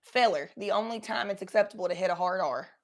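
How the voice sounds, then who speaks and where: Young woman doing a fake southern accent on stream, high, crude and rambly, coughs a bit. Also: fast. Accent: put-on Southern US drawl. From Cincinnati, Ohio. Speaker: livestreamer. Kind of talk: casual livestream chat.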